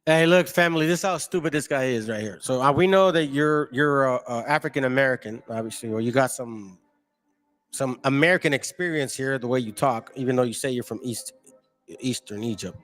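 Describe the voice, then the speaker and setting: A man's voice: mid-range voice, a little fast, a bit bright, soft background music. A man hosting a livestream, arguing with and mocking viewers in the chat in a combative, confrontational way. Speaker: channel host. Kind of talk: livestream commentary reading chat.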